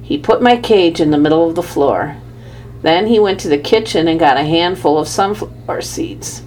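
Low-voiced woman reading a storybook. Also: a little hiss or hum, rough recording. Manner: measured, lively first-person telling. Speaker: audiobook narrator. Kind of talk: scripted storybook narration.

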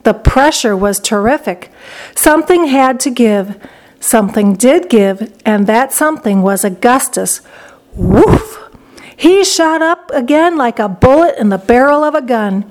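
A woman narrating a children's storybook aloud in a lively, expressive way. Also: a little high, normal speed. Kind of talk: storybook reading.

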